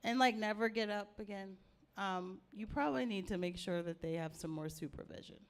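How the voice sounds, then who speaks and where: A woman's voice: medium pitch, a little fast. A woman doing casual, crude stand-up comedy with many fillers.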